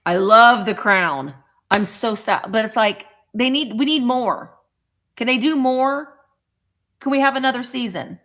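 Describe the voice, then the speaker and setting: A middle-aged woman hosting a casual live stream, chatting with viewers and getting excited over small cute items. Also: fairly high pitch, unhurried, a little hiss or hum. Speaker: vintage reseller hosting a livestream.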